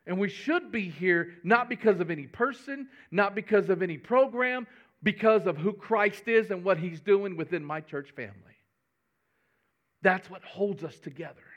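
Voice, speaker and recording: A man's voice: sits high, a bit bright, muffled recording. A man, a pastor giving a folksy, conversational sermon with humor.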